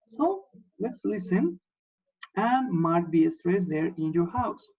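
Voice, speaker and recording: A man teaching an English class online, explaining slowly and checking in with his students after nearly every sentence. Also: high voice, sing-song, darkish tone, husky, lo-fi sound. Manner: patient, repeats words and checks in with "yes?".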